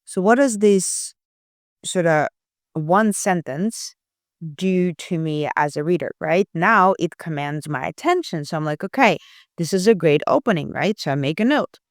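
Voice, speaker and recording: A woman's voice: on the low side, lively intonation, a little slow, no echo, studio quality. A woman teaching copywriting who thinks aloud in a casual, chatty way, checking in often with "right?" and "you know". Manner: thinks aloud while analyzing text. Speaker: copywriting instructor. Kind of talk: casual screen-share walkthrough.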